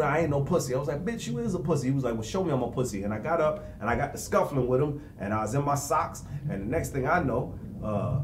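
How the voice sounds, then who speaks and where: An older man with a raspy smoker's voice, a comedian co-hosting a live comedy podcast and acting out the people in his stories. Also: medium pitch. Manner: animated storytelling with acted-out quotes. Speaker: comedian co-host. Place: comedy club stage. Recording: echoey club room, audience noise. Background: live audience.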